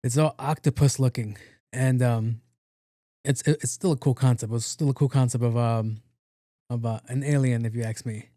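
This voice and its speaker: Medium in pitch and warm in tone, this podcast host speaks at a moderate pace with fairly even intonation. In a clean, echo-free studio recording, he loosely recaps a movie with plenty of swearing and voices the characters' lines himself.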